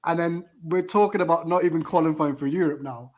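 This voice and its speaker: A man's voice: a little high, fairly even intonation, brisk. A man co-hosting a live fan show, rambling and repeating himself as he gives heated opinions.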